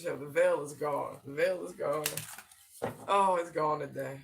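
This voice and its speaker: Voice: medium pitch, measured pace, vocal fry, noisy background. An intense, slangy tarot reader giving a livestream reading and talking straight to viewers. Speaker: tarot and channeled-message reader.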